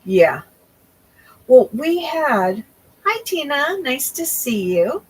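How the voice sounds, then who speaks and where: A woman's voice: high-pitched, sing-song, takes it slowly, low-quality recording. A young woman hosting a crochet livestream, chatting casually with viewers and often losing her train of thought.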